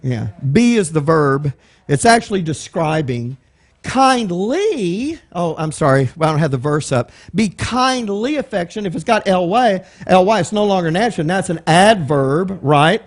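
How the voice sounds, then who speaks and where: A man with a Texan accent and a high-pitched voice leads a Bible study in a church meeting room. He talks in a loose, conversational way, picks words apart one at a time and keeps asking his listeners questions. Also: sing-song, moderate pace. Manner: conversational, explains word by word, asks the room questions. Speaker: Bible teacher.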